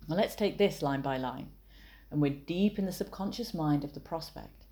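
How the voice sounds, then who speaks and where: Low, mellow woman explaining. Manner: measured, analytical, with wry asides. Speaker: copywriting teacher and author. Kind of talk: explanatory talk on copywriting.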